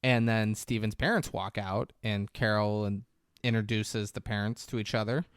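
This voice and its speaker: A man co-hosting a podcast, casually retelling movie scenes in an animated storytelling way. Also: fairly low pitch, moderate pace, clear, resonant tone, no echo, studio quality. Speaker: podcast co-host.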